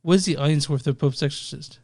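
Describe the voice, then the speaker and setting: Man, movie podcast co-host, relaxed, enthusiastic, casual swearing, dry close sound. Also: a little high, quick pace, slightly rough, dry recording. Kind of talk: casual movie review chat.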